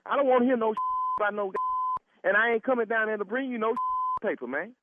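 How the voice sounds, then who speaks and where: A man's voice: high-pitched, a little fast, very noisy. A man taking a prank phone call, exasperated and often breaking into laughter. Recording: tinny phone line.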